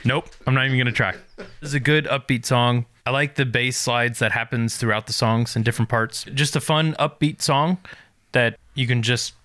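A man with a bright, crisp voice co-hosts a casual podcast, chiming in with quick agreeing replies and upbeat remarks. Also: medium pitch, steady tone. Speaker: podcast co-host. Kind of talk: casual chat.

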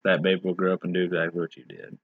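A man with a lowish voice talks in a loose, rambling way, restarting his sentences and leaning on filler words. The recording is dull and muffled, with a dry, close sound and no room echo. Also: expressive, very fast, vocal fry, breathy edge. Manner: rambling, hesitant, many restarts. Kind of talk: casual discussion.

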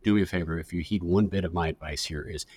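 A man's voice: deep voice, fairly even intonation, quick pace, a little mellow. A middle-aged man from the United States, a career services director speaking as a podcast guest, giving earnest advice with frequent restarts. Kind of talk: conversational podcast interview.

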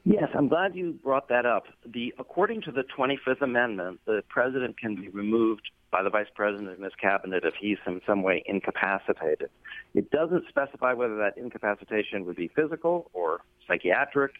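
A man's voice: fairly low pitch, expressive, fairly quick, no room sound. Man talking over a tinny phone line. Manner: earnest, lots of ums and uhs. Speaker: interview guest. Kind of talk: phone interview, impassioned argument.

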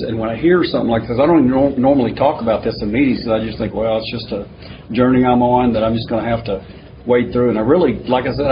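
Earnest man sharing on a muffled recording. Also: medium pitch. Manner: earnest, searching, trailing off with fillers. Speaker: meeting attendee asking a question. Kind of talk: sharing at a twelve-step meeting. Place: meeting room. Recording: muffled recording with audible hiss.

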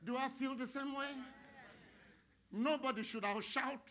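A middle-aged male pastor preaching a sermon, swinging between hushed, slow talk and loud shouted praise. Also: extremely high pitch. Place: church sanctuary. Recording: live church sound with music and crowd. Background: music and congregation.

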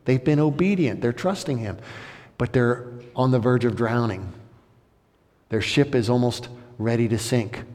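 A male pastor preaching a sermon, dramatic, swinging between loud, high outbursts and hushed, low passages. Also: unhurried, pauses often. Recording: long hall reverb.

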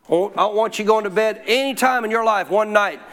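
Middle-aged man, pastor, high voice, punchy call-and-response preaching. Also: fairly quick, fairly bright tone. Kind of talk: sermon.

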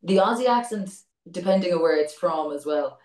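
A woman's voice: lowish voice, lively intonation, normal speed, darkish tone. Chatty Irish woman in an echoey room. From Ireland. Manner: chatty, laughs often, restarts words. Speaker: voice actor guest. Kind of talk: casual interview chat. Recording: echoey room, distant mic.

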